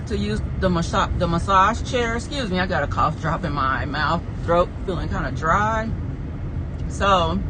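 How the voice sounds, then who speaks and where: A woman's voice: on the low side, noisy background. A woman chatting casually to her phone camera in a day-in-the-life vlog, rambling from one thought to the next. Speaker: vlogger and small business owner.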